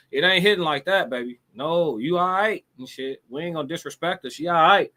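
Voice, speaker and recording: A man's voice: a little high, lively intonation, moderate pace, pushed and bright. A man hosting a live show, reacting to clips with blunt, profane, mocking commentary and frequent restarts.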